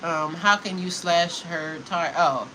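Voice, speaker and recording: A woman's voice: on the low side, slow, bright, forceful tone, slight background noise, rough recording. A woman spiritual coach in a heated, profane, emphatic livestream rant.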